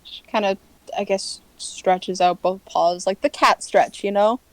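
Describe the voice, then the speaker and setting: A playful woman at a mid pitch describes her character's moves in a tabletop game, often breaking into giggles. Her voice sits close and dry. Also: steady tone, measured pace, dry recording, poor audio. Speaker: player.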